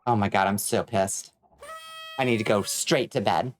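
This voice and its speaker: A woman's voice: a bass voice, normal speed. A woman streaming a video game, chatting casually with viewers and shrieking and swearing when things go wrong. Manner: excitable, screams and swears when in danger. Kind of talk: casual gaming stream chat.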